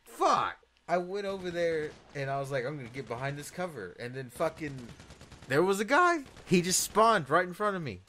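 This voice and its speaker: Young male gaming host, lively pitch, bright tone, excitable and profane, faint background hiss. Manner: excitable, swearing, quick jumps into loud outbursts. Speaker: gameplay video host. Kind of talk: casual gaming commentary.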